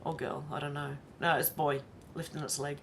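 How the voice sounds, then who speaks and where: An Australian woman hosting a casual livestream, chatting and reacting out loud. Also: low-pitched, flat delivery, normal speed, creaky, slight background noise. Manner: chatty, reads comments aloud and reacts with laughs. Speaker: livestream host.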